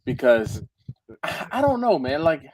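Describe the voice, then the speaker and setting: Rambling man, slightly high voice. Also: wildly swooping pitch, measured pace, crowd noise, low-quality recording. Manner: rambling, stumbles and repeats words; acts out quotes with big jumps in voice. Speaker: livestream host. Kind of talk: casual live chat.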